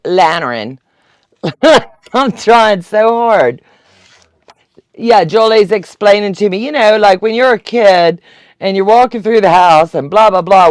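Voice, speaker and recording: A woman's voice: mid-range voice, no echo. A woman, chatting and laughing as she teaches a quilting live stream. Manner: chatty, laughs often, talks to viewers. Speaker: quilting instructor. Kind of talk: casual live-stream tutorial.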